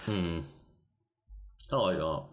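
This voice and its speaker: A man co-hosting a podcast in casual chat, relaxed, dropping low for asides. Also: slow. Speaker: podcast co-host.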